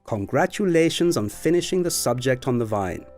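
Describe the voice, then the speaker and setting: A man narrating an online wine lesson in a clear, explanatory way. His voice moves animatedly up and down, recorded dry and close. Soft music plays faintly in the background. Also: medium pitch, moderate pace, no echo. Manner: clear, explanatory, expressive delivery. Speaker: wine course instructor. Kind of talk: scripted educational narration.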